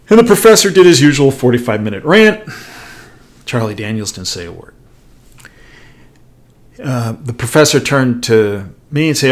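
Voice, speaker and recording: A middle-aged man hosting a show, telling an anecdote in an animated way and acting out the quoted lines. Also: medium pitch, normal speed. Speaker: host. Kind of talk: storytelling commentary.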